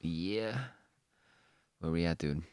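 Podcast co-host, male, very low voice, dry close sound, rambly and casual with filler words. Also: takes it slowly, darkish tone, clean tone, no room sound. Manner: rambling, heavy use of "like" fillers, swears casually. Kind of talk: casual chat.

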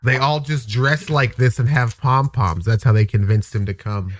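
Dude hosting a stream, rambly, swears a ton, mid-pitched everyday voice. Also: male voice, moderate pace. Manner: rambling, swears freely, acts out bits. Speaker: streamer host. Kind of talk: casual profane banter.

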